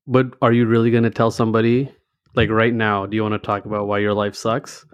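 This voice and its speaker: A man's voice: on the low side, level tone, a little fast, clean tone, no room sound. A man hosting a casual chat podcast, easygoing and wry. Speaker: podcast host.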